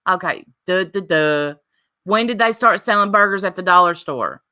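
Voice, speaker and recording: A woman's voice: on the low side, moderate pace, sharp tone. A woman hosting a casual livestream, chatty and rambling, talking straight to her viewers in a defensive tone. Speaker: livestream host.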